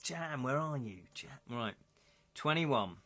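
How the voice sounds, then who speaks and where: British male host, playful and chatty, mid-pitched, narrates gamebook for a live chat. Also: lively intonation, takes it slowly, sharp tone, slight background noise. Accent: British English.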